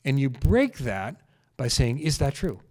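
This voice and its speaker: A man's voice: mid-range voice, sing-song, unhurried, darkish tone. A man hosting a solo health podcast, talking into a microphone in an earnest, casual way and repeating key phrases for emphasis. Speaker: chiropractor podcast host.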